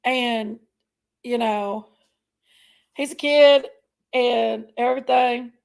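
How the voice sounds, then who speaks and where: A woman hosting a casual live stream from her couch at home, a little hoarse from allergies and talking in a rambling, chatty way. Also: on the high side, steady tone, extremely slow, rough recording.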